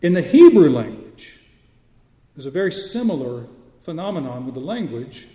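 A man's voice: on the high side, big pitch swings, normal speed, mellow. A man preaching a sermon, explaining scripture and asking his listeners questions as he teaches. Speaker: pastor. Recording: echoey hall, voice from far off.

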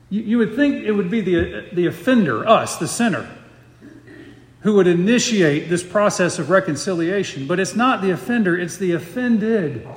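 A middle-aged man preaching an expository sermon, slowing down and repeating words to stress key phrases. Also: sits high. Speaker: pastor. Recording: roomy hall reverb.

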